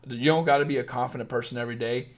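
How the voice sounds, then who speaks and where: A man in his thirties giving blunt, profane dating advice on a live stream, swinging from low asides into loud rants. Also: fairly even intonation, racing. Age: 30s. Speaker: dating coach.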